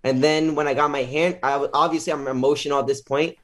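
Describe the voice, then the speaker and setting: A man being interviewed as a guest, casually retelling a story with lots of filler words and animated quotes. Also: a little high, quick pace.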